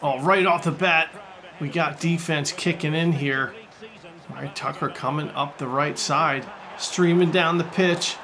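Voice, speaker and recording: A man commentating on his own football video game like a jokey sportscaster, getting loud and excited during attacks and saves. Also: fairly high pitch, unhurried, noisy background. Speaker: gaming YouTuber. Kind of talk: let's-play commentary.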